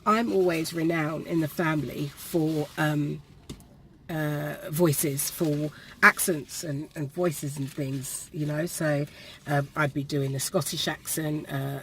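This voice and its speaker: A woman, telling a personal story to the camera in a halting way, with pauses and restarts, while perspiring. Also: low-pitched, a bit bright, a little hiss or hum. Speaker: vlogger. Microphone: camera facing her.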